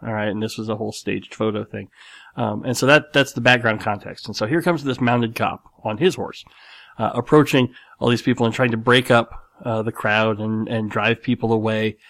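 A man's voice: mid-range voice, creaky, fairly bright tone, dry recording. A man hosting his own show, retelling a story in a loose, rambling way with many restarts and asides. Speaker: podcast host. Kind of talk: casual solo storytelling.

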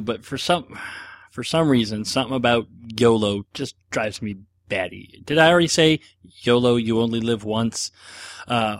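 A man's voice: mid-range voice, dry recording. A middle-aged man hosting a podcast, answering listener questions in a rambling, self-deprecating casual chat with plenty of fillers.

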